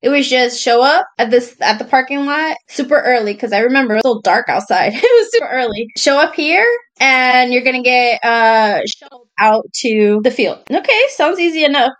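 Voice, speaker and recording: A woman's voice: sits high, animated, normal speed. A woman co-hosting a podcast, chatting casually, often laughing and calling her friend "girl.". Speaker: podcast co-host. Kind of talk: casual storytelling chat.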